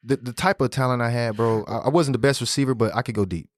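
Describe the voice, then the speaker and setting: A man in his thirties, a podcast guest, telling animated, slangy, profane stories in casual conversation. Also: mid-range voice, fast talker, no echo, studio quality. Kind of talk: casual storytelling interview.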